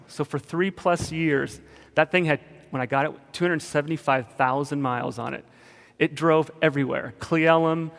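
A man telling a personal testimony in a sermon, animated, sometimes shouting. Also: on the high side, long reverb tail. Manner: animated storytelling, bursts of shouting.

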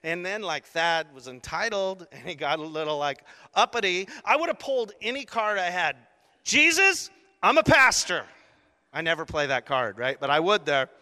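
A male pastor with a high, bright, forceful voice delivers an animated sermon. He acts out the scene, jumping from sudden shouts to hushed asides. His voice rings with the long reverb of a large hall. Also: brisk, few pauses.

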